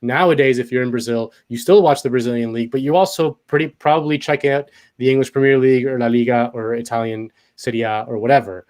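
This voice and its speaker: A man's voice: medium pitch, fairly even intonation, fast talker, hardly any pauses, darkish tone. A man talking casually as a guest, hesitant, with many fillers and restarts. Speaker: guest commentator. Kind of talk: casual conversation.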